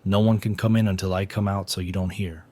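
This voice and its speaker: A man's voice: sits low, fast talker. A man reading a cocky young hero fighter. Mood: confident. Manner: calm, teasing.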